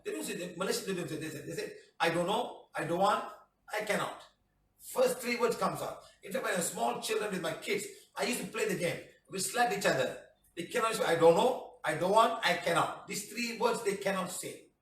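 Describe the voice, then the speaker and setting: A man's voice: high-pitched, fairly bright tone, slight background noise. A man teaching a healing class, talking emphatically and repeating phrases as he acts them out. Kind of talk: class lecture. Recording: roomy hall from a distant mic.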